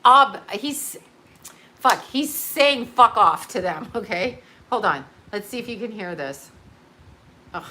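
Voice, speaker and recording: A woman's voice: mid-range voice, animated, a little slow, pushed and bright, slight background noise. A woman who works as a psychic, ranting on her livestream in a rambling, emphatic way, swearing now and then and stopping to answer viewer comments. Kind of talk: unscripted livestream rant.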